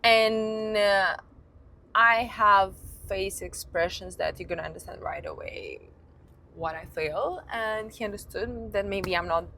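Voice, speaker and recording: A woman's voice: mid-range voice, very animated, measured pace, creaky, bright, forceful tone, a little hiss or hum. A young woman vlogger telling a candid, sweary story to her phone camera while driving her car. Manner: candid, swears freely, laughs at herself. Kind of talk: storytime vlog.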